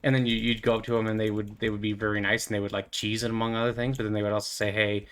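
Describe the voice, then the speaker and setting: A man's voice: lowish voice, little pitch movement, rapid-fire, clean tone. A young man hosting a gaming channel, rambling playfully through casual commentary as he plays, with lots of fillers and goofy asides. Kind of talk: casual commentary while playing.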